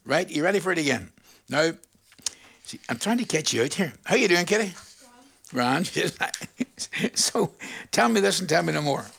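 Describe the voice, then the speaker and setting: A man's voice: fairly high pitch, lively intonation, moderate pace, gravelly, pauses often, a bit bright, breathy edge. An older man presenting a radio request show, chatty and playful, laughing at his own jokes.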